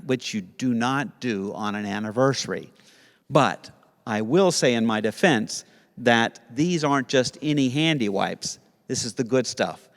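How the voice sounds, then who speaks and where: A man teaching Sunday school to kids, telling a story in a playful, animated way. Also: mid-range voice, long reverb tail. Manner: playful, animated storytelling with put-on character voices.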